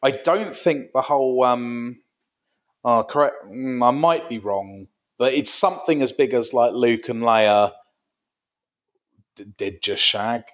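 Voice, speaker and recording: A man co-hosting a casual podcast chat, animated and playful in his storytelling. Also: mid-range voice, a little slow. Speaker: podcast co-host.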